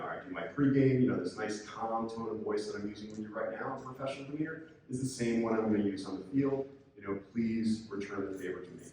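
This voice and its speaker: A man giving a calm, coaching conference presentation, sometimes acting out angry coaches. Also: fairly low pitch. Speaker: presenter, sports official. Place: conference room. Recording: echoey hall from far off, faint noise.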